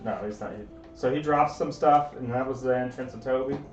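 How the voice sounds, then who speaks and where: A woman in casual tabletop play, animated and joking. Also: extremely low pitch, brisk, roomy sound, distant mic, muffled recording, faint music behind. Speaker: player.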